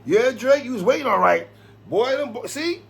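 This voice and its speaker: A man hosting a hip-hop commentary vlog, talking in a slangy, animated way, laughing and quoting lyrics. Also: very high-pitched, normal speed, gravelly, husky. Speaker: host.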